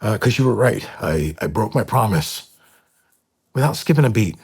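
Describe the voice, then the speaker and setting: A middle-aged man with a deep, husky voice recounts a painful personal story as a podcast guest. He speaks earnestly and haltingly, often restarting his sentences. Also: sing-song, a little mellow. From United States.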